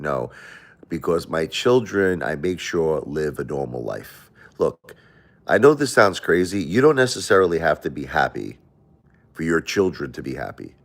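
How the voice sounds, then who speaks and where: A middle-aged man hosting a livestream, talking in a rambling, repetitive, confessional way and often repeating himself. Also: low-pitched. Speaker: livestream host. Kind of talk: emotional livestream monologue.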